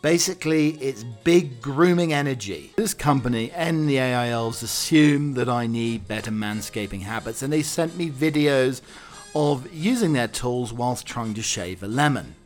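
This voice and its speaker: A man's voice: medium pitch, animated, moderate pace, faint music behind. A man hosting a comedy podcast, reading out news items with dry, wry asides. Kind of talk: comic monologue reading news stories.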